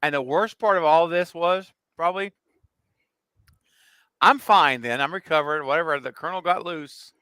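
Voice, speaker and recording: A bright, forceful male voice tells a story with energy and frequent laughs. He is in his forties and chats casually on a livestream, recorded dry and close with no room sound. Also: a little high, moderate pace, pauses often, clear, resonant tone, no echo. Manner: animated storyteller, laughs often. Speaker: co-host.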